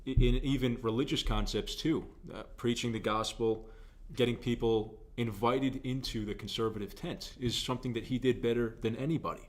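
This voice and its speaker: A man's voice: mid-range voice, steady tone, moderate pace. A young adult man hosting a political talk show, giving earnest, conversational opinion commentary and repeating phrases for emphasis.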